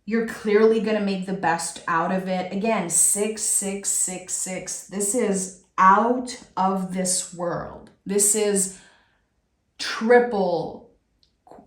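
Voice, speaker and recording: A woman with a French accent gives a soulful tarot reading, unhurried and reflective, breaking into restarts and a giggly lightness. Her mid-pitched voice carries in a roomy, echoing space. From France. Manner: giggly, talks with many restarts. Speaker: tarot reader.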